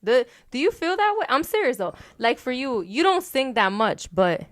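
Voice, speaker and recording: A woman's voice: high-pitched, sing-song, no room sound. Frank chatty woman, dry sound. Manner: frank, talkative, fast trailing asides. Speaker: podcast co-host. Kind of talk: casual chat.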